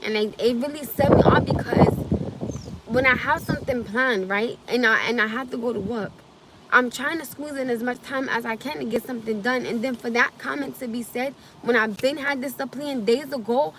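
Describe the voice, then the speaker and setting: A woman's voice: a little high, moderate pace, a bit bright, slight background noise. A young woman, venting angrily and repetitively on a live stream from her parked car. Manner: angry, repetitive ranting. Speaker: livestreamer.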